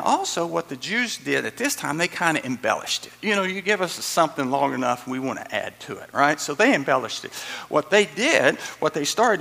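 A man preaching with a high, swooping voice that carries a husky, gravelly edge. He repeats phrases for emphasis and acts out little quotes. The sound rings with the long reverb of a big hall. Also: fairly bright tone. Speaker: pastor. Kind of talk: sermon.

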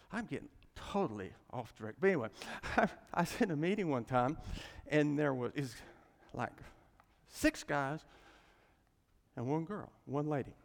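Chuckling, rambling man teaching in a hall. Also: on the high side. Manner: rambling, chuckling, folksy asides. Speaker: pastor teaching a class. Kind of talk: informal classroom teaching.

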